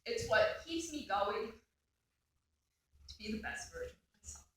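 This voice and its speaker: A woman's voice: on the high side, very animated, measured pace, a bit bright, far from the mic, a little hiss or hum. A woman in her forties from South Korea, giving a formal hearing statement as a judicial nominee, earnest and laughing now and then at her own stories. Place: hearing room. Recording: echoey room, picked up from afar.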